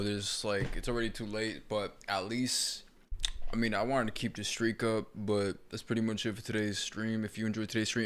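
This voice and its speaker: Man, streamer, lowish voice, offhand mumbled reading, casual slang, livestream chatter. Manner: reads shop item blurbs aloud in a loose, offhand mumble; casual slang, easily impressed.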